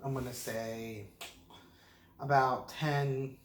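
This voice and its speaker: A man's voice: mid-range voice, fairly even intonation, very slow. A man from the Pittsburgh area, mildly tipsy, rambling casually to camera with lots of fillers and frequent laughs. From Pittsburgh area, western Pennsylvania. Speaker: vlogger. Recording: roomy echo.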